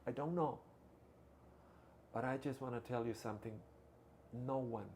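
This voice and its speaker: A male pastor telling a story in a sermon, swinging from hushed to loud. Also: medium pitch, a little hiss or hum.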